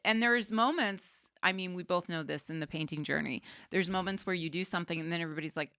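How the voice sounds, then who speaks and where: Bright-voiced Canadian woman guest. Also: lowish voice, moderate pace, clear, resonant tone, no room sound. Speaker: guest artist. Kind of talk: casual interview chat.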